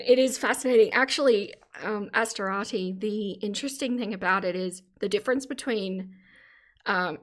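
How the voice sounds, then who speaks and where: An Australian woman hosting a live stream, chatting casually with viewers, laughing often and enunciating carefully. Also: medium pitch. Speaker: livestream host.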